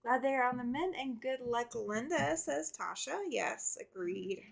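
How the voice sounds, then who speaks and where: A woman's voice: fairly high pitch, unhurried, gravelly. A middle-aged woman hosting a casual quilting livestream, chatting, reading viewer comments aloud and laughing often. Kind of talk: casual live chat while sewing.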